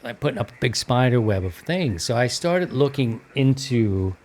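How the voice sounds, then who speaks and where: A man's voice: mid-range voice, expressive, normal speed, a little mellow, a little hiss or hum. A middle-aged man hosting a radio hobby podcast, rambling along in easygoing, filler-heavy casual chat. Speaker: podcast host.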